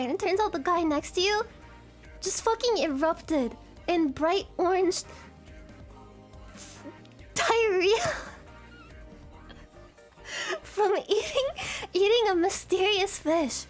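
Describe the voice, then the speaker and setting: A woman's voice: extremely high pitch, lively intonation, takes it slowly, pauses often, soft background music. A woman streamer in a casual chat, rambling and giggly, swearing freely.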